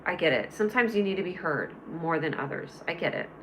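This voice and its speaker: A woman with a lowish, expressive voice speaks fairly quickly against a noisy background. Hosting a casual livestream, she chats in a bubbly, rambling way, reading chat comments aloud and answering viewers by name.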